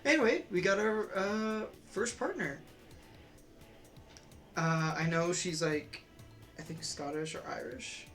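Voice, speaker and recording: A game streamer giving casual let's-play commentary, chatty and excitable, thinking aloud while playing. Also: mid-range voice, slow pace, long pauses. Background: faint game music.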